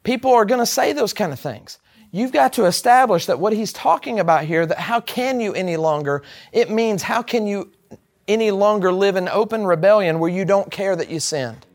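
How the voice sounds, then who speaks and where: A man's voice: high voice, animated, moderate pace. A man teaching a Bible class, speaking emphatically and putting rhetorical questions to the group.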